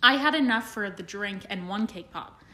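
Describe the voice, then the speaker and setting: A woman's voice: medium pitch, lively intonation, moderate pace, bright, forceful tone, echoey room. A young woman co-hosting a podcast in casual chat, blunt and swearing freely. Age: young adult. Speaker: podcast co-host.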